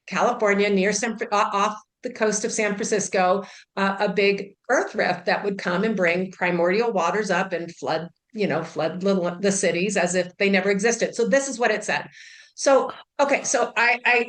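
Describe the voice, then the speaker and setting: A woman's voice: mid-range voice, fairly bright tone. Chatty woman telling a personal story. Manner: chatty, fills talk with "like" and "you know"; acts out dialogue in her story. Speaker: guest, intuitive healer. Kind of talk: casual spoken storytelling.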